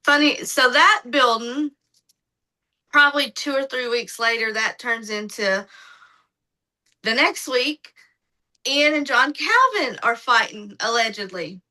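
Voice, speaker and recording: Woman guest, high bright voice, lively casual storyteller. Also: slow, pauses often, low-quality recording. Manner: lively, acts out other people's lines in her retelling. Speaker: podcast guest.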